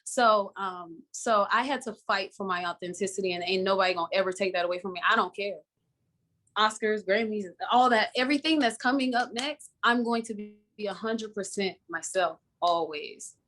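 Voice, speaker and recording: This guest, an actress from Florida, talks in a mid-range, fairly bright voice at a normal speed. She has a Southern accent, laughs a lot, and speaks emphatically while being interviewed live on a video call.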